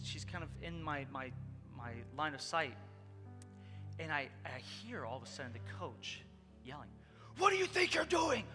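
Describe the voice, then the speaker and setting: A man preaching a conversational sermon, telling a personal story earnestly and speaking directly to his congregation. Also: fairly high pitch. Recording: long hall reverb with loud music behind.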